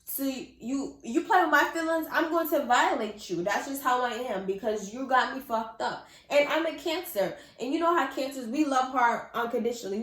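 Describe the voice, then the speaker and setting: A young woman telling a personal story in casual vlog style, animated, blunt and full of slang and swearing. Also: sits high, reverberant.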